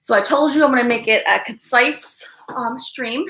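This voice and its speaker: A woman's voice: on the high side, normal speed, pushed and bright, echoey room, a little hiss or hum. A woman hosting a casual live stream from an upstairs room at home, chatty and apologetic, often calling her viewers "guys".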